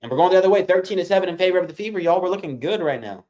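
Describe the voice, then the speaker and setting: A man's voice: high-pitched, very fast. A man hosting a casual watch-along, calling basketball play-by-play and talking straight to his viewers. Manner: excitable, keeps addressing viewers as y'all.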